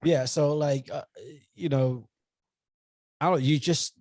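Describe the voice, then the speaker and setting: A young man co-hosting a podcast in casual chat, telling rambling, animated stories and swearing freely. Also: a little high, slow, no echo. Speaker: podcast co-host.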